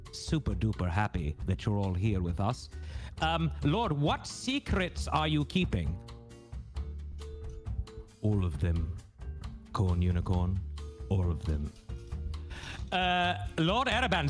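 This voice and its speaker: Mock-grand man reading chat over jazz. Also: medium pitch. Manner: mock-grand, theatrical, teasing. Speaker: intermission host reading chat. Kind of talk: playful live-stream chat banter. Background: jazzy background music.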